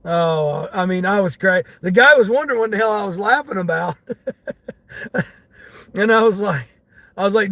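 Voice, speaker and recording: A man's voice: high voice, expressive, moderate pace, a bit bright, dry recording. A middle-aged man, a delivery driver, telling a story to his viewers from his car, laughing often and talking to them by name. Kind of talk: casual storytelling while driving.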